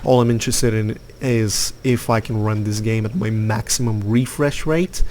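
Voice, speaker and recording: A man's voice: lowish voice, fairly even intonation, moderate pace, darkish tone, a little hiss or hum. A man giving casual, rambling commentary over gameplay as a hardware reviewer, full of fillers and repeated words.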